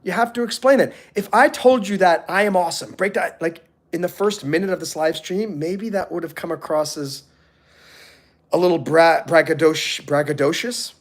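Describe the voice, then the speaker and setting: A middle-aged man on a motivational live stream, telling animated stories and acting out the people he quotes. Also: fairly high pitch, moderate pace.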